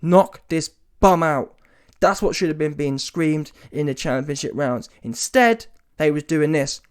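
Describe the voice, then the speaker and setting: This man's voice sits on the high side with a clean tone and normal speed as he rants reacting to a boxing match. He's animated and emphatic, often mocking, swears and uses casual street slang, climbing to mocking shouts.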